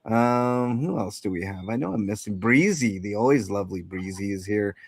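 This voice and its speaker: A man's voice: fairly low pitch, animated, moderate pace, husky, no room sound, clean studio sound. A man hosting a casual livestream chat, greeting viewers and rambling with many fillers and restarts. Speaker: livestream host.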